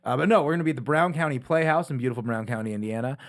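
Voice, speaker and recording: A man co-hosting a casual comedy podcast, excitable and quick to laugh. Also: mid-range voice. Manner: fast, excitable, laughs often. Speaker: podcast co-host.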